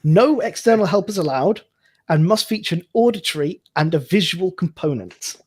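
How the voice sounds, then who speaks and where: A man's voice: sits high, animated, normal speed, husky. Rambling man explaining rules. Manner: rambling, chatty, with many fillers and restarts. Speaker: co-host. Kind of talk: casual chat.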